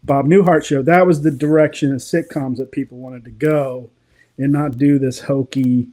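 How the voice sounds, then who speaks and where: A man, a guest in a casual interview, telling animated, opinionated stories and laughing often. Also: medium pitch, moderate pace.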